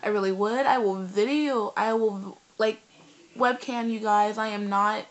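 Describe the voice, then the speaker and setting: A teenage girl, telling a story in a casual vlog in an animated, rambling way full of fillers. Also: mid-range voice, a little slow. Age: teens. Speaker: vlogger.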